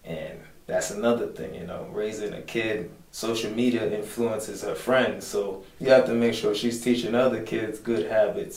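A man's voice: on the low side, fairly even intonation, normal speed, hardly any pauses, darkish tone, roomy sound, far from the mic, a little hiss or hum, poor audio. A man co-hosting, talking earnestly heart to heart, full of "you know" and "like.". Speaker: co-host. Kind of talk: heart-to-heart conversation.

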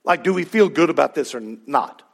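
A male pastor preaching a sermon in a conversational, emphatic way, with sudden loud peaks. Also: fairly high pitch, animated, fairly quick, vocal fry.

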